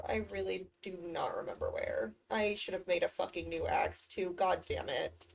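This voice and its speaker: A woman's voice: fairly low pitch, normal speed, gravelly, far from the mic. A woman streamer talking to herself during a game, swearing often and easily exasperated. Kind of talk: casual gameplay commentary.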